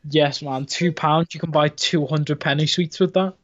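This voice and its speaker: Co-host, male, high pitch, storyteller who says "bro", muffled lo-fi line. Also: fairly even intonation, moderate pace. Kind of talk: casual live-stream chat. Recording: dull lo-fi call audio.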